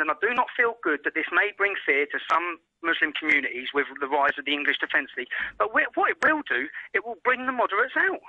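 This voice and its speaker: A man speaking as a radio interview guest, forceful and insistent, repeating his points for emphasis. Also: high voice, slightly rough, no room sound, narrow, tinny audio. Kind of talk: impassioned radio debate.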